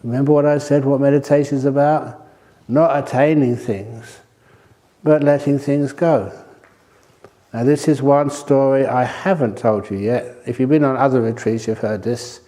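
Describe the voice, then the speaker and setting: Mellow-voiced older man giving a dharma talk. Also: mid-range voice, normal speed. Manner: humorous storytelling, relaxed and chatty. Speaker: meditation teacher. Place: retreat centre hall.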